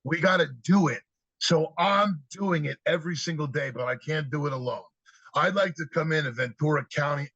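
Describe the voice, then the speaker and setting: A man with a fairly high, husky voice tells stories on a podcast, acting out the children he talks to. The sound is dry and a little dull, like a simple podcast setup. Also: no echo. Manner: animated storyteller, acts out kids' answers. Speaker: podcast guest, youth speaker. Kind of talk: storytelling interview talk.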